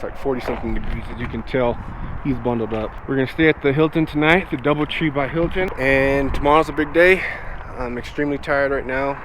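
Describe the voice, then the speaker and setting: Excited man vlogging over traffic noise. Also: medium pitch. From Arizona. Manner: excited and upbeat, addressing viewers as guys. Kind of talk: casual vlog commentary. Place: outdoors and in a car.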